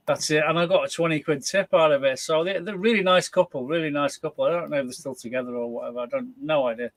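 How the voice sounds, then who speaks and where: A man's voice: on the high side, quick pace. A middle-aged man chatting as a guest on a livestream, telling a story and chiming in often with yeah yeah. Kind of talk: casual anecdote telling.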